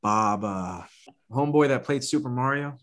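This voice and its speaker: A man chatting casually as a podcast co-host. His pitch sits mid-range, and he talks with hype and slang, often restarting his sentences as he gets excited. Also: moderate pace. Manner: enthusiastic, slangy, lots of restarts.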